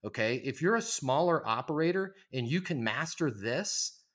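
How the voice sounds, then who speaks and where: A man's voice: on the high side, animated, moderate pace, a bit bright. A man in his forties, a sales trainer speaking as a podcast guest, talking emphatically and persuasively and often tagging "right?". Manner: emphatic, persuasive, frequent "right?" tag questions. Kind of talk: conversational podcast interview.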